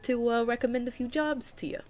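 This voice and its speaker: A woman's voice: fairly high pitch, steady tone, a little mellow, pitched above the performer's own voice, natural voice. Woman voicing a jittery little gnome barkeep. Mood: cheerful. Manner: rapid, upbeat, filler-heavy. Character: jittery small male gnome tavern keeper.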